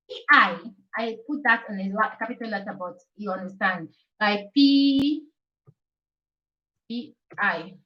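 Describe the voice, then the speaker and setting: A woman's voice: fairly high pitch, a bit bright. A woman teaching the alphabet in a casual live stream, chatty and repetitive, often checking in with "okay?". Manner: chatty, repeats letters, asks "okay?" often. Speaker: Italian teacher. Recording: distant dull live-stream audio.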